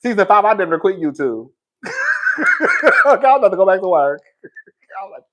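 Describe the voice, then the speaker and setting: A young man giving sassy, dramatic reality TV commentary, swinging between loud outbursts and calm asides. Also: high-pitched, normal speed, pauses often, heavy background noise. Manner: sassy, calls listeners girl. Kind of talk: casual reaction commentary.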